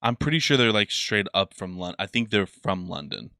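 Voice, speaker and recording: A young podcast co-host chats and rambles casually, full of fillers and swearing. His lowish voice is expressive, bright, forceful and resonant, at a normal speed, captured clearly in a dry, clean studio recording.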